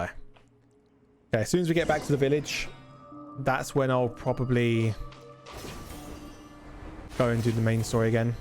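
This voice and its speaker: A man's voice: mid-range voice, level tone, unhurried, long pauses, a little mellow, faint music behind. A man livestreaming a game, casually reading the characters' lines aloud in his own voice, stumbling and muttering between them. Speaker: gaming streamer.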